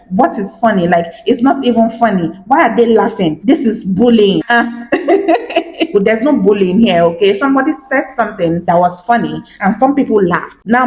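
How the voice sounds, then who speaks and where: A woman's voice: medium pitch, darkish tone, roomy sound, poor audio. A woman giving a casual, chatty recap commentary, often laughing and adding gossipy asides. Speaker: reality show recap vlogger.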